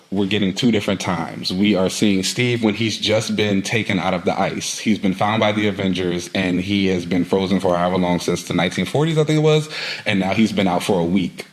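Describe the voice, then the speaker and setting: A man's voice: fairly low pitch, poor audio. A man co-hosting a podcast, casually recapping a comic book and filling his retelling with "like.". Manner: rambling storyteller, heavy use of "like". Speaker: podcast co-host.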